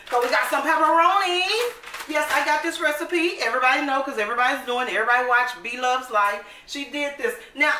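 A bright, high-voiced woman talks chattily to her viewers from a home kitchen, excited and friendly. She sits away from the mic, so her voice rings in a roomy echo with a faint hiss under it. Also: far from the mic. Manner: chatty and upbeat, calls viewers "baby"; excited, admits talking fast. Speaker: cooking channel host. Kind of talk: casual cooking vlog chat.

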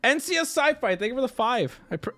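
A man hosting a live stream and reacting to viewer media. He is excitable and swears a lot, swinging from mumbled asides to loud yells. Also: very high voice, quick pace. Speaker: streamer host.

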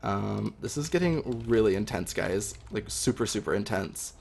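Young man, gameplay commentary, excitable, gravelly, keyboard typing behind. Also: lowish voice, normal speed. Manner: excitable, chatty, many fillers. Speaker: gaming video host.

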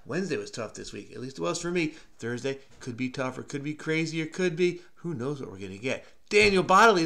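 A man's voice: mid-range voice, fairly bright tone. A man hosting a crossword-solving channel, thinking aloud in a frenetic, rambling way with lots of mumbled asides. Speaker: crossword solver, channel host.

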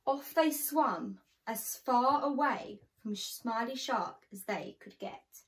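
A woman reading a picture book aloud to children, slow and expressive with a sing-song lilt. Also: on the high side. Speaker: children's storyteller.

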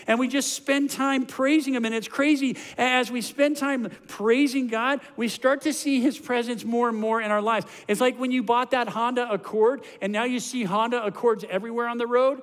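A man's voice: extremely high pitch, fairly even intonation, moderate pace, hardly any pauses. A middle-aged man preaching a conversational, self-deprecating sermon as pastor, often stumbling over and repeating words as he starts sentences. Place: large church auditorium. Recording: long hall reverb.

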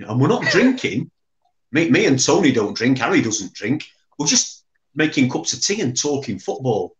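A man in a mid-range voice recalls old times in a guest chat. He stumbles and repeats words as the memories come back. He tells it as a warm anecdote. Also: mid-range voice, reverberant, highs cut off. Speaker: memorial foundation chairman. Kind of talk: reminiscing anecdote.

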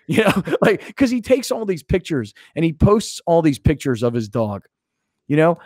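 Excitable male talk show host. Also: on the high side, normal speed, no echo, clean studio sound. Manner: excited storytelling, acts out quoted lines. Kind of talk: casual show banter.

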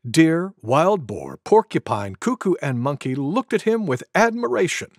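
A man reading a children's animal story aloud, playful and animated. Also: a little high, a little slow, no room sound, clean studio sound. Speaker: storybook narrator.

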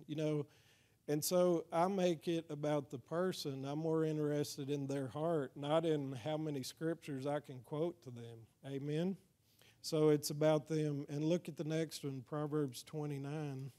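A man's voice: fairly high pitch, steady tone, a little slow, mellow. A man with a Texas accent giving an evangelism training talk in a church, speaking conversationally and often asking the crowd "amen?". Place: church hall.

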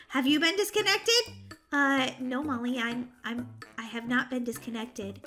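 A woman chatting casually over gameplay, bubbly, excitable and easily exasperated. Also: sits high, moderate pace, soft background music. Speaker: gaming channel host.

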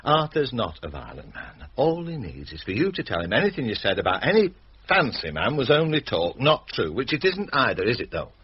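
An actor playing a middle-aged village doctor, dry and sardonic, irritated at being called out at night. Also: male voice, medium pitch, wildly swooping pitch, brisk, slightly rough, muffled recording, full character voice. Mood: weary.

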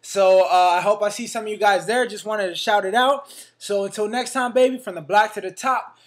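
Hyped slangy man, high voice. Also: fairly quick. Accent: Northern California. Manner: hyped, slangy, peppers lines with "man" and "baby". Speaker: fitness vlogger. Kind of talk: casual vlog to camera.

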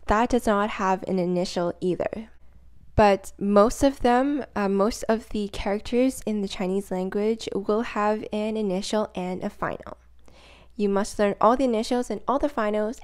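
A woman vlogger explaining a study method in a casual tutorial, rambling with lots of fillers and repeating words for emphasis, sometimes sounding out syllables slowly. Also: medium pitch, a little mellow. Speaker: language-learning vlogger.

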